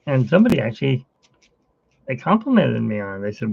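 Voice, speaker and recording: A man with a gravelly, husky voice chatting casually as he draws on a live stream, rambling and cutting himself off mid-thought. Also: mid-range voice, big pitch swings, a little fast, no room sound, muffled recording. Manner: rambling, self-interrupting. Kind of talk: casual chat while drawing.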